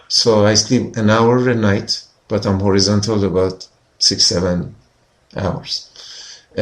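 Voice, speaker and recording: Lower-voiced man telling his story. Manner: earnest, frequent "you know" fillers. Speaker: healer interviewed as guest. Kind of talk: personal storytelling in conversation.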